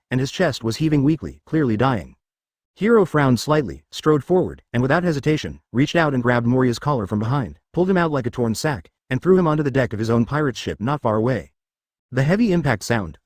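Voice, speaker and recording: A man reading fan fiction aloud as scripted narration, in an even, quick storybook manner. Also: mid-range voice, no room sound, clean studio sound.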